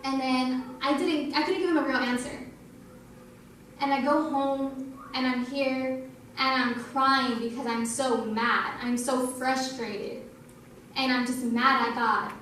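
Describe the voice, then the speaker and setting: A woman's voice: high voice, steady tone, slow, fairly bright tone, a little hiss or hum. A young adult woman giving a testimony sermon at a youth night, talking conversationally and acting out quoted dialogue. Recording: echoey hall from a distance.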